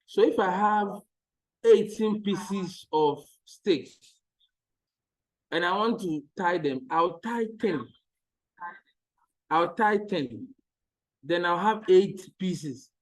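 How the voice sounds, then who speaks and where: A man's voice: high-pitched, expressive, slow, pauses often, low-quality recording. A man teaching maths in an online lesson, patiently repeating each step and checking that the students follow.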